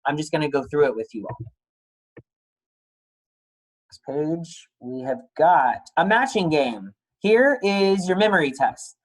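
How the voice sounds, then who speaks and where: A man's voice: fairly high pitch, lively intonation, normal speed, rough recording. A male teacher giving a casual, chatty read-aloud and lesson for young kids, talking to them directly.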